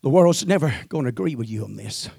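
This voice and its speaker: A middle-aged man preaching a sermon, sprinkling in amens and building to shouted climaxes. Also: medium pitch, animated, fast talker, creaky, husky, no echo, studio quality. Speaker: pastor.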